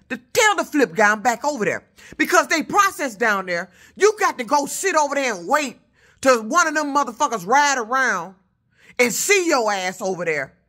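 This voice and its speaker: A woman truck driver, telling a heated, profane story in a loud voice. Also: high-pitched. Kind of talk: casual vlog rant.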